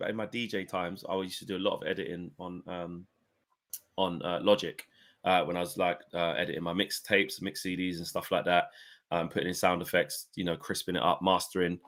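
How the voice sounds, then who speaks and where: A man's voice: deep voice, little pitch movement, a little fast, a bit bright. A man in his thirties co-hosting a casual chat show, bantering and calling his co-host "mate". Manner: chatty, banter-heavy, repeats "mate".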